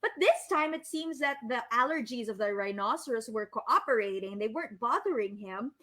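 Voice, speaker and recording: A Filipino woman reading a story aloud live for children, animated and gushing, often asking the kids questions. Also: a little high, moderate pace. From Philippines.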